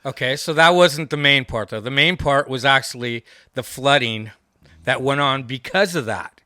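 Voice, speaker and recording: A man in his fifties, a guest in a casual chat, recounting touring memories in a steady, detailed way. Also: mid-range voice, normal speed, no room sound, clean studio sound.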